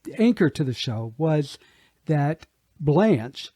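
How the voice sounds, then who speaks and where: A man's voice: a little high, big pitch swings, slow, dark tone, dry recording. A man co-hosting a podcast, recapping an episode in an easygoing way, thinking aloud as he goes. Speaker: podcast co-host. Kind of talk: casual podcast chat.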